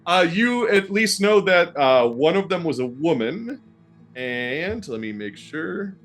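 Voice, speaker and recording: A man's voice: a little high, very animated, slow pace, fairly bright tone, soft background music. Rambling male game master. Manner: loose and rambling, full of ums and restarts. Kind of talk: narrating a tabletop horror game.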